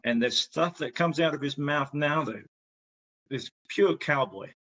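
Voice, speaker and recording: A man, a podcast guest chatting casually, halting with restarts and self-deprecating. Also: on the high side, bright, forceful tone. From England. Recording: slightly muffled lo-fi sound.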